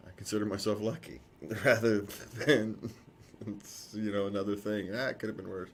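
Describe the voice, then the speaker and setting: Low-voiced rambling man chatting. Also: fairly even intonation, normal speed, a little hiss or hum. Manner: rambling, self-correcting, chuckles often. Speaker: podcast co-host. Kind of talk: casual chat.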